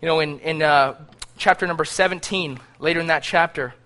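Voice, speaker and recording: A man preaching a sermon, reading scripture aloud and growing loud on the prayers, with frequent restarts. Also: on the high side, fairly quick. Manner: frequent restarts and repeated words.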